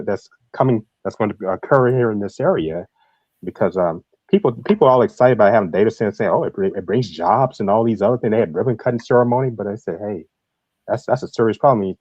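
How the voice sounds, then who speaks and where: A man from Louisiana with a deep, clear broadcasting voice, chatting on a podcast panel and often repeating words with fillers. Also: darkish tone, no room sound, highs cut off. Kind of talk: casual panel chat.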